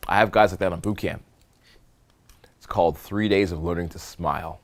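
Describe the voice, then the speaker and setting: Speaking in a fairly low voice, a dating and social skills coach runs a live social skills seminar. He brings his points to life by acting out examples, and he keeps the audience engaged with quick "okay?" and "right?" check-ins.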